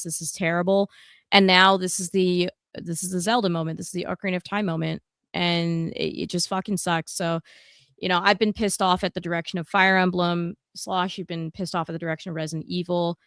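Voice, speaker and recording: A woman's voice: lowish voice, little pitch movement, fairly quick, fairly bright tone, clean tone, no room sound, studio quality. A woman co-hosting a casual gaming podcast, talking bluntly and heatedly and swearing a lot. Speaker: podcast co-host.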